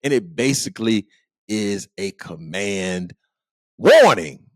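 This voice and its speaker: A man's voice: on the low side, animated, slow pace, no echo. A middle-aged man hosting a podcast, joking through a comedic monologue with playful asides and frequent laughter. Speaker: podcast host.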